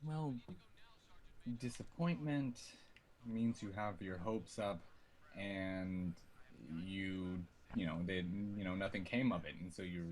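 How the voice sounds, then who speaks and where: A man's voice: deep voice, takes it slowly, darkish tone. A young man co-hosting a casual gaming talk show, hesitant and wordy when he explains things. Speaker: podcast co-host.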